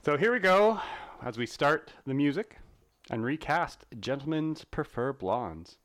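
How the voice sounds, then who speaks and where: Animated, jokey male podcast host. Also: on the high side, unhurried. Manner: playful, theatrical and jokey. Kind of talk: casual movie-review podcast chat.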